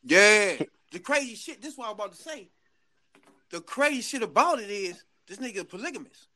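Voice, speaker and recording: A man telling a story in casual chat, animated and laughing, full of slang. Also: high-pitched, fairly quick.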